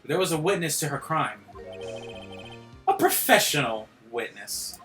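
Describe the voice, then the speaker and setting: A man reading aloud the lines of a cold, sharp male prosecutor from a game, in a stiff, formal way. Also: on the high side, very animated, unhurried, roomy sound, soft background music.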